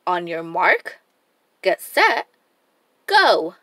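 A race announcer, put on by a woman reader, calling out the start in a lively, swinging voice. It stays storybook-simple and is heard close and dry. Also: fairly low pitch, moderate pace, dry recording, pitched below the performer's own voice. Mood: announcing. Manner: calling out loudly. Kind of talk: storybook read-aloud.

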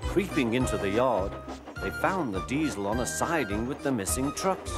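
A man narrating a children's story in a gentle, expressive way. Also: medium pitch, normal speed, loud music behind the voice.

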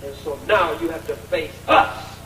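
A man's voice: a little high, a little slow, pushed and bright, slight background noise. A man giving a combative, taunting public speech with a preacher-like cadence at a college event. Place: large college lecture hall. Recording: echoey hall recording from far off.

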